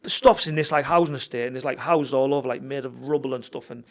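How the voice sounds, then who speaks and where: A man's voice: medium pitch, quick pace. A middle-aged man, a fighter and gym owner telling a story as a podcast guest, swearing freely and acting out what people said. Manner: swears freely, tells the story with quoted dialogue. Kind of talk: casual storytelling in a podcast interview.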